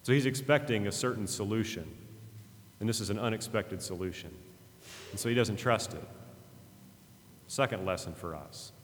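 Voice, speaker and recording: Earnest pastor, low voice, long reverb. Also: male voice, moderate pace, pauses often, a little hiss or hum. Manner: conversational, earnest, with frequent fillers and restarts. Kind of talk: sermon retelling a scripture story.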